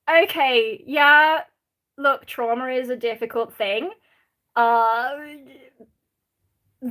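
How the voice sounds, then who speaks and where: A woman's voice: high voice, fairly bright tone. A woman in her thirties with an Australian accent, chatting casually on a livestream and answering viewers' questions with plenty of ums. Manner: reads out and answers chat questions, many fillers. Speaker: streamer.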